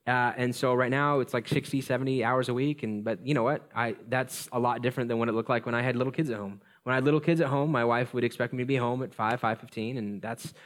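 A man preaching a sermon as pastor, talking in a loose, conversational and self-deprecating way, slipping into quick stories. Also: medium pitch, fairly even intonation.

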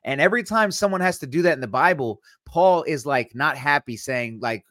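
Energetic man on a dry mic. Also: fairly high pitch, no room sound. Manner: energetic, quick to joke. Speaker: podcast co-host. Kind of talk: casual chat.

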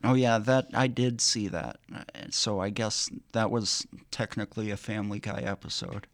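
A man's voice: lowish voice, no echo. A man co-hosting a radio show, chatting casually and hesitantly with restarts. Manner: hesitant, many restarts and pauses. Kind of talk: casual chat. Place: radio studio.

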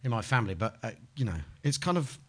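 A man's voice: medium pitch, animated, quick pace. A man who is a guest comedian on a live podcast, rambling and snapping back with mock outrage.

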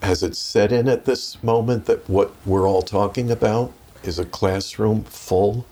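Deep husky gravelly interviewer. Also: male voice, steady tone, measured pace. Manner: gentle, brief affirmations and probing questions. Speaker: podcast host, interviewer. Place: guest's home.

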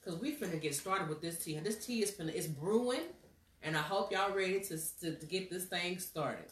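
A woman, hosting a casual chat, laughing often and telling stories with lively impressions of people. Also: fairly quick. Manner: animated, laughs often, mimics people in high voices. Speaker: host. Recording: roomy, a bit far from mic.

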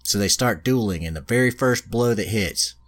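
Deep-voiced man telling a story casually. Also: animated, moderate pace. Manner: loose, profane storytelling. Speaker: podcast host. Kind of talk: casual chat, retelling a plot.

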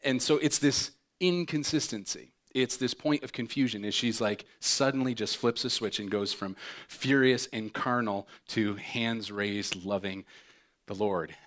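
Animated pastor telling jokey stories. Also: male voice, medium pitch, unhurried. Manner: animated, jokey, acts out voices in his stories. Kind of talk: sermon with comic storytelling.

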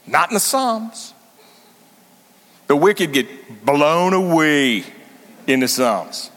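A man preaching a sermon as senior pastor, animated and emphatic, sometimes rising suddenly loud. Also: medium pitch, slow, pauses often, long reverb tail.

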